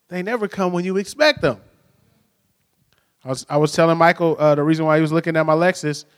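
High-voiced man preaching in an echoing hall. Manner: storytelling, frequent "right?" tag questions. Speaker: pastor. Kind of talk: conversational sermon. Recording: long hall reverb.

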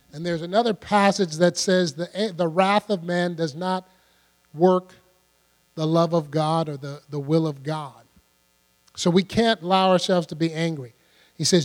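An older man delivers a conversational sermon in a high-pitched voice, often asking his congregation questions. The recording carries a long hall reverb, and a steady electrical hum runs underneath it. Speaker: preacher.

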